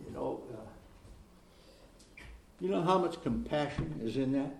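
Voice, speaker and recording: A pastor preaching a sermon, repeating phrases for emphasis and reading scripture aloud with rising force. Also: male voice, a little high, very animated, measured pace, creaky, pauses often, a little mellow. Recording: roomy echo.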